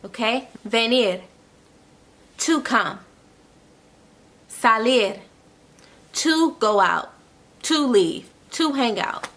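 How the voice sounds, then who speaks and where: A woman's voice: a little high, animated, drawn-out words, long pauses, a bit bright. A woman tutoring an online language lesson. She explains step by step, repeats each phrase and keeps checking in with "okay?". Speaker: Spanish tutor.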